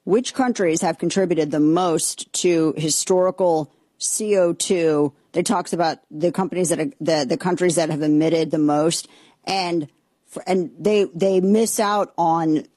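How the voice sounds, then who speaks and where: A woman's voice: lowish voice, unhurried, dark tone, dry recording. A woman hosting a commentary show, giving heated political opinions in a rambling way with frequent restarts and exasperated outbursts.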